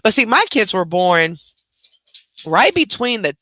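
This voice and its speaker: A woman talks in a casual, animated storytelling chat. Her voice is bright and forceful and close, with a dry sound and no room echo. She swears freely and lets her words run loose. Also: medium pitch, a little slow. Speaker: host telling a family story.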